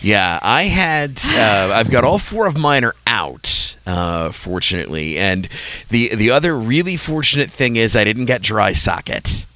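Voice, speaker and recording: A man's voice: on the low side, animated, unhurried, bright, forceful tone, no echo. A man hosting a casual chat who tells funny stories and laughs often. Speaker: podcast co-host.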